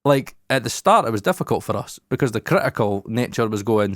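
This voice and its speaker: A man's voice: medium pitch, lively intonation, brisk, no room sound. Guy on a podcast, blunt and sweary, dead dry close mic. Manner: frank and emphatic, swears often. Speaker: podcast co-host. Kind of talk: casual chat.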